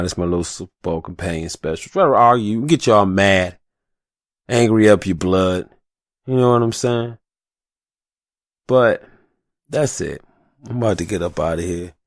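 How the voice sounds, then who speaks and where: A man's voice: deep voice, no echo, clean studio sound. A young adult man hosting a solo podcast, talking in a heated, passionate and profane way. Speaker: podcast host.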